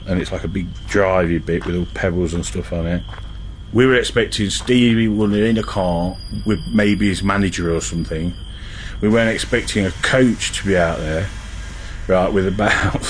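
A man's voice: low-pitched, a little hiss or hum. A man, a musician, telling a story in a casual interview, chatty and rambling with lots of fillers and restarts.

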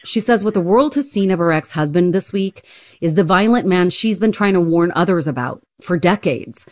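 Woman radio reporter, really low voice, dry close sound, even news read. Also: moderate pace, no room sound.

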